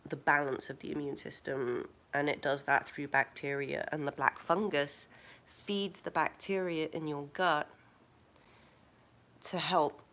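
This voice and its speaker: A woman hosting a live stream, chatting casually and recommending things to her viewers. Her voice sits a little low and carries a gravelly fry, and she talks at an unhurried, drawn-out pace, pausing often on fillers. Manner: relaxed, recommending, storytelling.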